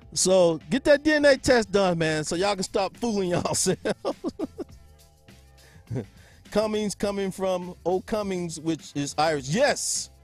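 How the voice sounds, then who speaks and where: A man with a high-pitched voice hosts a sports podcast in loose live-stream chat, cracking jokes and laughing often. He calls out viewers by name. Faint music plays in the background. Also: lively intonation, takes it slowly, long pauses. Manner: joking, laughs often, greets chatters by name.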